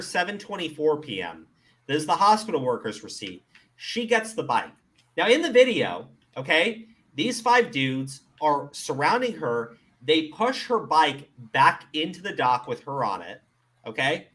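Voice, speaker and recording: A man's voice: sits high, pushed and bright. A man hosting a commentary show, ranting with exasperation and plenty of profanity.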